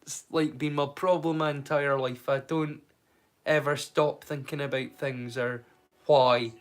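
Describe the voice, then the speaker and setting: A man's voice: on the high side, steady tone, unhurried. A man hosting a live storytelling stream, chatting casually and thinking aloud with frequent restarts. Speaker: storyteller host.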